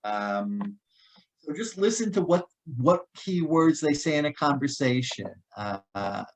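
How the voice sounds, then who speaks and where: A man's voice: a little high, very animated, measured pace, faint music behind, poor audio. A man giving an informal safety talk in a loose, conversational way, full of fillers and restarts. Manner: casual, many fillers and restarts. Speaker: guest speaker on personal safety.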